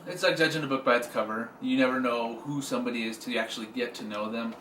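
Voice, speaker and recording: A man's voice: mid-range voice, fairly even intonation, fast talker, fairly bright tone. Joking man, roomy distant sound. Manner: mock-angry ranting, joking. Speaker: podcast co-host. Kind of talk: casual comedic chat. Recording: roomy and distant from the mic, faint noise.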